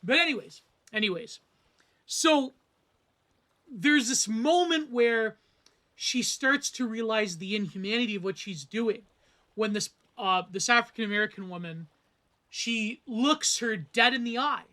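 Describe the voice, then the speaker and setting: A man gives a loose, chatty film analysis, wandering off into tangents and asides before finding his way back. His voice sits high for a man and sounds bright and forward. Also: measured pace. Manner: rambling, digressive, with asides and acted quotes. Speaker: film reviewer. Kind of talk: casual film analysis monologue.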